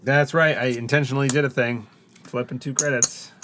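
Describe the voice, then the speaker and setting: A man's voice: medium pitch, fairly even intonation, fairly quick, background noise. A man co-hosting a card game stream, joking and teasing his opponent and greeting viewers in casual chat.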